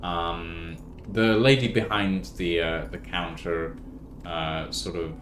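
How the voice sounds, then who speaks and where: A man's voice: sits low, steady tone, takes it slowly, fairly bright tone, a little hiss or hum. A man narrating a tabletop game as game master, hesitant and full of fillers. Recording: echoey room with music behind.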